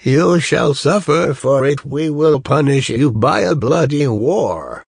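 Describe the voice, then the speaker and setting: A man's voice: fairly high pitch, lively intonation, takes it slowly, vocal fry, husky, no echo, studio quality, full character voice. A man reading as a stern little wren king. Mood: threatening.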